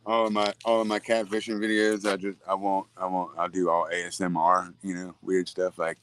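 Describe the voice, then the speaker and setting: Easygoing joking man, lowish voice. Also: completely flat delivery, a little fast, few pauses, fairly bright tone, slight background noise. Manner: joking, laughs often, easygoing. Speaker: fishing vlogger. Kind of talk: casual outdoor fishing chat. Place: outdoors by a river.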